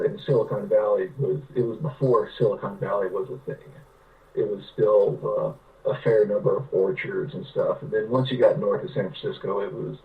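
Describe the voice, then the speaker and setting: A man's voice: on the low side, far from the mic, lo-fi sound. A man from California, a writer telling rambling anecdotes with many restarts in a casual interview. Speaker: guest, writer.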